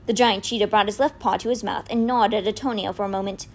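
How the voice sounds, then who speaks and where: A woman reading a children's novel aloud as an expressive storyteller. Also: medium pitch, quick pace. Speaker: reader.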